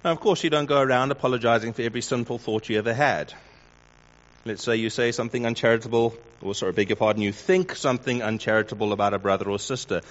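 A man preaching a sermon in a measured way, with wry mock-dramatic asides. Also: mid-range voice. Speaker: pastor. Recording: dull lo-fi recording.

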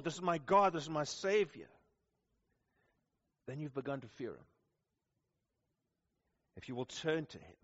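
A man's voice: medium pitch, lo-fi sound. A man preaching a sermon to his congregation, earnest and pleading, sometimes pressing hard with questions. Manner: earnest, rising to intense questioning then softening. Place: church service with congregation.

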